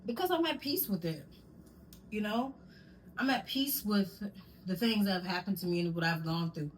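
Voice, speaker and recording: A woman's voice: on the low side, slight background noise, low-quality recording. A woman chatting casually to her viewers in a vlog at home, rambling and tripping over her words now and then. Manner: addresses viewers with "y'all". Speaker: vlogger. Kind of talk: casual chat to camera. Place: home at night.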